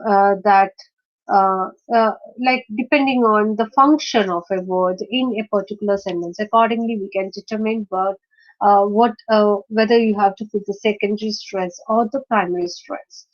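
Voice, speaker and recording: A woman teaching in an online lecture, explaining step by step with many pauses, fillers and restarts. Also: mid-range voice, fairly even intonation. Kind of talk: screen-shared online lecture. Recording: dull lo-fi recording.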